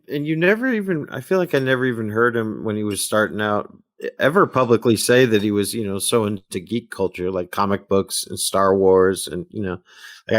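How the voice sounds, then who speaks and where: Low-voiced chatty man on a podcast. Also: no echo, clean studio sound. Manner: chatty, jokey, restarts his sentences. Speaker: podcast co-host. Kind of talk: casual chat.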